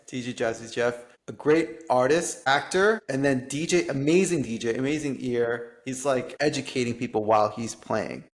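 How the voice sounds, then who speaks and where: A man's voice: mid-range voice, moderate pace, hardly any pauses. A man hosting a casual interview podcast, responding to his guest with enthusiasm and encouragement. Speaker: podcast host.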